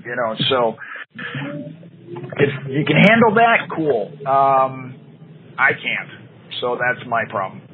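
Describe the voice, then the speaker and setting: A man's voice: medium pitch, big pitch swings, slow, pauses often. A man co-hosting a podcast in casual chat, ranting with exasperation about TV shows and slipping into playful voiced quotes. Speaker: podcast co-host. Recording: tinny phone-like sound with faint noise.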